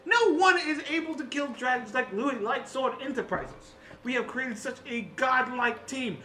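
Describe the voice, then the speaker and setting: A man voicing a boastful male fire genasi inventor and shopkeeper, pitching himself like a grand salesman. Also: a little slow, bright, forceful tone, exaggerated voice.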